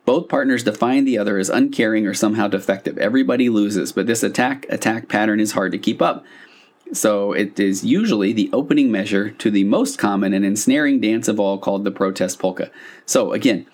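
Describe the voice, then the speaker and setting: A man's voice: on the low side, fairly quick, darkish tone. A man who works as a couples therapist, explaining a therapy concept to listeners in a loose conversational way, with fillers and restarts.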